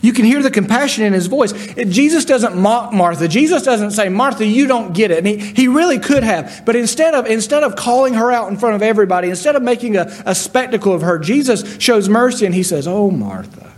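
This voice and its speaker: A man preaching a sermon, expressive, acting out the words of biblical figures with rising and falling loudness. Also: sits high, fairly quick, hardly any pauses. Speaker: pastor.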